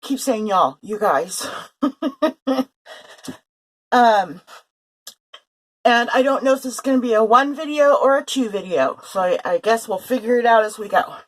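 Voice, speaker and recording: A woman's voice: a little high, animated, a little slow, long pauses, a little hiss or hum, low-quality recording. Woman, chatty haul vlog, rambling with fillers, filmed at a home sewing table. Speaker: vlogger showing a thrift haul. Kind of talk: casual haul vlog chat. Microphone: handheld or table camera.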